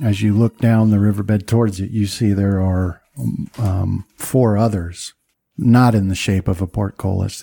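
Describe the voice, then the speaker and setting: A man narrating as game master, describing scenes with many pauses and fillers. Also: on the low side, vocal fry, mellow, dry recording, studio quality.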